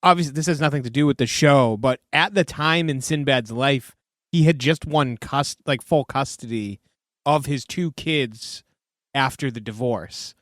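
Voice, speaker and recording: A man's voice: medium pitch, a little slow, dry recording, clean studio sound. A man on a podcast offering thoughtful asides and admitting what he is unsure of. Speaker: podcast co-host. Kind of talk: casual chat.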